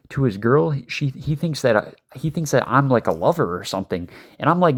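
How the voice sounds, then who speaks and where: A man's voice: medium pitch, expressive, moderate pace, hardly any pauses. Rambling guy telling a story. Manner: rambling, many fillers and swearing. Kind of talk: casual storytime.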